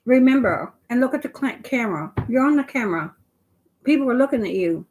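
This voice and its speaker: A woman's voice: a little high, animated, brisk, darkish tone, poor audio. Chatty grandmother hosting a livestream. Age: older. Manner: chatty, repeats herself, fillers like "you know". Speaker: livestream host. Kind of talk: casual livestream chat.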